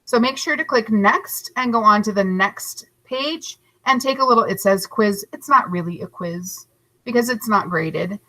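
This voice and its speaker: A woman teacher giving a recorded lesson to young children, stretching out each word slowly and encouraging them. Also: mid-range voice, lively intonation, bright, forceful tone, poor audio. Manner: slow, drawn-out modeling of words, encouraging.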